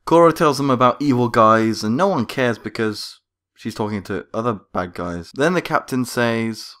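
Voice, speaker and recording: A man's voice: mid-range voice, expressive, moderate pace, fairly bright tone, faint music behind. A man giving scripted critique commentary on a cartoon episode, sarcastic and exasperated. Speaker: video reviewer.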